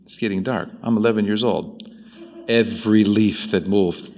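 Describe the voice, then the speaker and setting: A man's voice: on the low side, normal speed. A man from Chicago preaching a sermon, telling stories with rhetorical questions. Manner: storytelling, animated, rhetorical questions. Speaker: priest. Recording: long hall reverb.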